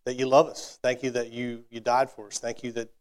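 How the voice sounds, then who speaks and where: Male co-host, average pitch, earnest, casual testimony then heartfelt prayer. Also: level tone, brisk, smooth. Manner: earnest, repeats words as he restarts. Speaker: co-host who prays.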